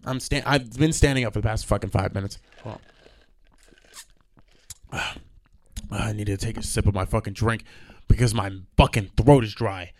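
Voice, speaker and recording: A young man hosting a solo podcast, ranting in an animated, exasperated way and swearing often. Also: fairly low pitch, moderate pace, pauses often, no room sound. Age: young adult. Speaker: podcast host.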